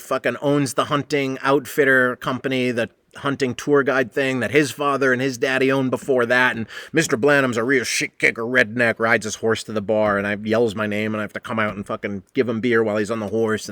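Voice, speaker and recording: A podcast host who also tends bar tells a rambling, profane story set behind the bar, acting out the characters as he goes. His medium-pitched voice has a sharp tone, recorded with no room sound, in a casual monologue.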